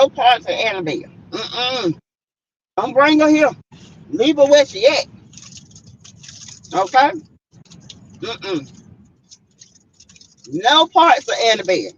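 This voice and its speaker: A woman with a Southern US accent hosting a casual live stream, chatty and full of "mm-mm" and "y'all" asides to her viewers. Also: fairly high pitch. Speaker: livestream host. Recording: slightly muffled lo-fi stream audio.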